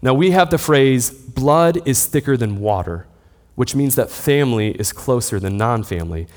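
A man's voice: medium pitch, moderate pace. Man preaching in a reverberant hall. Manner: steady teaching tone with rhetorical questions. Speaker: pastor. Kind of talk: sermon.

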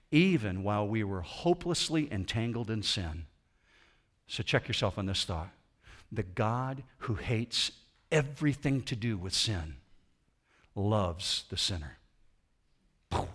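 A man preaching a sermon as pastor in a church auditorium, swinging between loud emphasis and quiet intensity. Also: fairly low pitch.

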